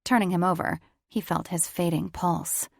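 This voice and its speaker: A woman narrating a romance audiobook in an even, measured storytelling voice. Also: fairly low pitch, gravelly, dry recording, studio quality.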